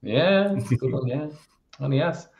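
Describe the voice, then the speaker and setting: A man's voice: mid-range voice, lively intonation, vocal fry, a little mellow. A man hosting a live Q&A, reading viewer questions aloud over a video call. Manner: reads questions aloud at a measured pace. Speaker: host. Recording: dull lo-fi call audio.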